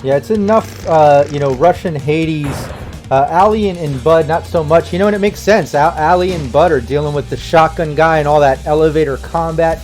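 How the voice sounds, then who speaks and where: A man's voice: fairly high pitch, moderate pace, darkish tone, soft background music. A man running a tabletop game as game master, narrating in a rambling way with many fillers and restarts.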